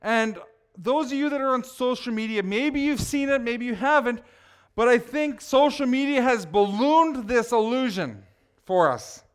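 Lively, high-voiced male pastor preaching. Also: a little slow, smooth. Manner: animated, teasing, conversational preaching. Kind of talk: sermon.

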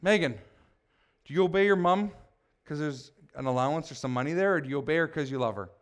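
A man's voice: a little high, fast. A man preaching a sermon as pastor, speaking emphatically and asking the congregation questions.

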